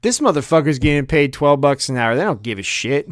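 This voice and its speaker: A man's voice: mid-range voice, fairly quick, smooth, dry recording, studio quality. A young man on a comedy podcast, ranting casually and profanely, acting out quotes and laughing as he tells stories. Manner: profane, animated storytelling with laughs and acted-out quotes. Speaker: podcast co-host.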